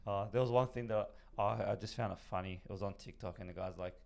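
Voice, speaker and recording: Hoarse man in casual chat. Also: lowish voice, fairly even intonation, fast. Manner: rambling, swears casually. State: hoarse, lost voice. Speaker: podcast co-host.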